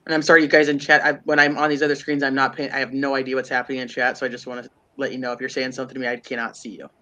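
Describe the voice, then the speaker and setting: A man's voice: medium pitch, little pitch movement, very fast, sharp tone, highs cut off. A congested man co-hosting a true crime livestream, rambling and thinking aloud with lots of fillers. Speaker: livestream co-host.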